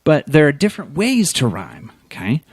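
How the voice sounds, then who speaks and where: This man co-hosts a casual podcast, teaching lyric theory by walking through meter and rhyme and asking "okay?" after his points. His husky voice sits fairly high and swoops wildly in pitch at a moderate pace, in a dry recording.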